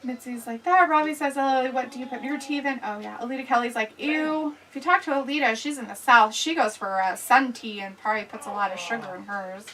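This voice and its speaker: A woman's voice: on the high side, a little fast, few pauses, sharp tone, recorded from a distance, slight background noise, poor audio. A woman hosting a casual live watch-along, chatting, laughing and reading viewer comments aloud. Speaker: livestream host reading chat.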